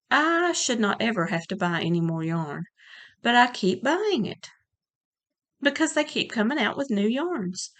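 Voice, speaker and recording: Gushing, breathless woman crafting vlogger. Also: mid-range voice. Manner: gushing, enthusiastic, rambling with restarts. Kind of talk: casual chat to camera. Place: home, by a yarn closet.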